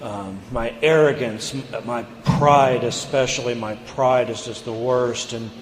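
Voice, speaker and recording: A man giving an earnest personal recovery share at a meeting, halting and repeating words as he goes. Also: mid-range voice, fairly even intonation, slight background noise. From United States. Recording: echoey hall, long reverb.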